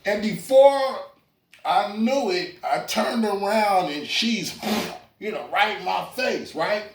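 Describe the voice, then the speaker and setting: A man's voice: sits high, lively intonation, takes it slowly, vocal fry. A man in doing a stand-up comedy set, loose and chatty, with lots of fillers and asides to the crowd. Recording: roomy club sound from a distance.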